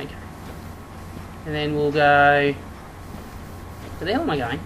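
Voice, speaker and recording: A let's play gamer giving live commentary, yelping and shouting at the game, with sarcastic jokes to viewers. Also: mid-range voice, moderate pace, pauses often, a little hiss or hum, low-quality recording. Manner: excitable, yelps and shouts at the game; sarcastic, joking asides to viewers.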